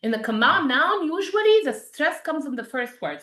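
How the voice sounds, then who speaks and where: A woman teaching an English vocabulary class, patient and quick with praise as she explains words. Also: high-pitched, sing-song, pushed and bright, echoey room.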